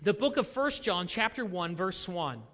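A man's voice: sits high, very animated, unhurried, a bit bright, in a large hall. A man preaching as a pastor, asking rhetorical questions and building to emphatic lines. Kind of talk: sermon.

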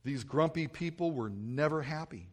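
A man's voice: a little high, lively intonation, moderate pace, breathy edge. A middle-aged male pastor preaching a sermon, telling stories about himself and mocking himself as he goes. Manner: storytelling, self-mocking, acts out his own yelling.

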